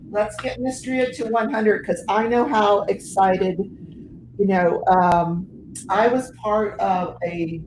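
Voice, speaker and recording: A woman's voice: medium pitch, roomy sound, background noise. An older woman hosting a casual livestream chat, laughing often and reading viewer comments aloud. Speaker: host of a diamond painting live show. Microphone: headphones and computer mic, video call.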